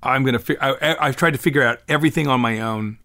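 A middle-aged American musician, appearing as a guest in a conversational interview, speaks quickly at a medium pitch with a pushed, bright tone. He rambles and pokes fun at himself, often restarting his sentences.

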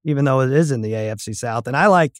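A man's voice: medium pitch, fast talker, no room sound, studio quality. A man co-hosting a podcast, giving opinionated, chatty takes on football teams. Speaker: podcast co-host. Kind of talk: casual sports betting chat.

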